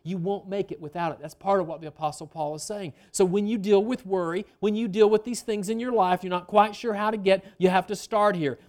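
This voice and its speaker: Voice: mid-range voice, fairly even intonation, fairly quick, hardly any pauses, a little mellow. A pastor preaching a sermon in a conversational way, often asking the congregation questions and stretching out key phrases for emphasis.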